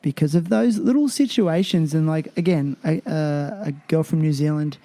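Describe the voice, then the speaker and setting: A man's voice: fairly high pitch, moderate pace. An Australian man chatting casually as a podcast guest, telling stories and laughing easily. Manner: laughing, animated storyteller. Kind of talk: casual conversation.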